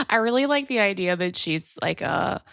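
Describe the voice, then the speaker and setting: Woman guest on a podcast, gravelly voice, wry thoughtful chat. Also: mid-range voice, animated, measured pace, fairly bright tone, no room sound, clean studio sound.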